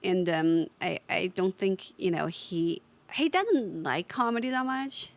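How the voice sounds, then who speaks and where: Woman comedian with halting phrasing. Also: fairly low pitch, animated. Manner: earnest, halting, non-native phrasing. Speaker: comedian guest. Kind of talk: casual chat.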